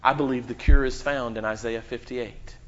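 A man pastor delivering a sermon, preaching emphatically with dramatic pauses and quoting scripture. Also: fairly even intonation. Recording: muffled low-fidelity sound.

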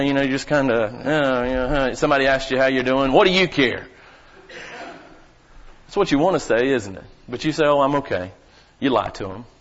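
Folksy preacher man, lo-fi church recording. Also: medium pitch. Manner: preaching with sudden rises to shouting; folksy, addresses the congregation directly. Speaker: pastor. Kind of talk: sermon.

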